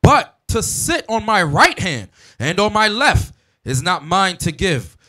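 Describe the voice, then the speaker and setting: A man reading Bible verses aloud in a measured, deliberate way. His voice sits high and bright, and its pitch moves in a lively way through each verse. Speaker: scripture reader.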